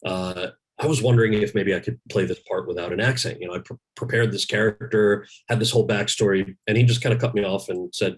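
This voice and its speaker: Man in his 40s on a video call, low husky voice, chatty storyteller, lots of restarts. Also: quick pace, poor audio. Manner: candid, animated anecdotes with many restarts. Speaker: guest actor. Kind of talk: storytelling in a conversation.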